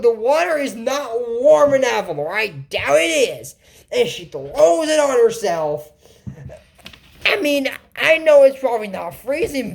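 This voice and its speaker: A woman's voice: fairly high pitch, a little mellow. Sarcastic woman rambling over a cartoon. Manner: rambling and sarcastic, with mocking quoted asides. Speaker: commentator. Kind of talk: casual reaction commentary.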